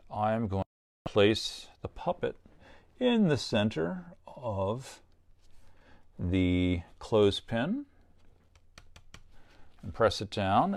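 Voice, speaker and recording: An upbeat man walks young viewers through a simple puppet craft, chatting as he works. His voice sits at a middling pitch but swings widely up and down as he talks. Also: vocal fry. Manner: upbeat, chatty, explains step by step. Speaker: puppeteer and craft show host. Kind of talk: children's craft tutorial.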